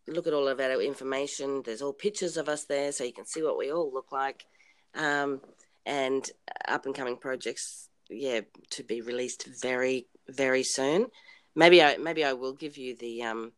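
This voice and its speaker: A woman's voice: extremely low pitch, dry recording. An Australian woman talking as a guest in a casual podcast interview, chatty and hesitant, with frequent ums and easy laughter.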